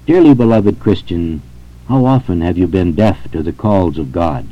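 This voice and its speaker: A man giving a solemn, earnest scripted reading of a devotional meditation, measured and slowing on scripture quotes. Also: fairly low pitch. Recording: dull lo-fi recording.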